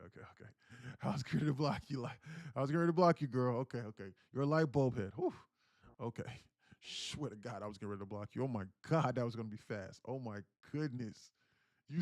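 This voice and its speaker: A man's voice: mid-range voice, no echo. A man hosting a live day-trading stream in casual chat, telling stories and acting out the voices of the people he quotes. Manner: animated storyteller who acts out quoted voices.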